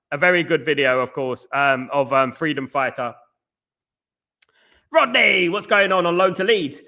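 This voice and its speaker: Rambling high-voiced man hosting a stream. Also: sharp tone. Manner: rambling and jokey, repeats phrases, lots of fillers. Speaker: host. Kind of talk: casual live-stream chat reading comments.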